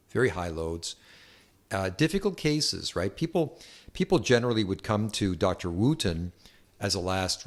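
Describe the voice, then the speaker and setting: Deep gravelly-voiced man telling a story. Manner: relaxed anecdotal telling with wry asides. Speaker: chiropractor. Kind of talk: storytelling health talk to camera.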